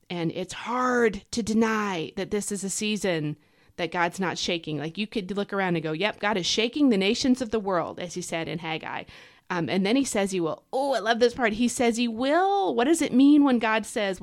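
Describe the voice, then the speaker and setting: A woman hosting a devotional podcast, teaching casually and emphatically, a fast talker with fillers and self-corrections. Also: medium pitch. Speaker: podcast host. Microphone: podcast microphone.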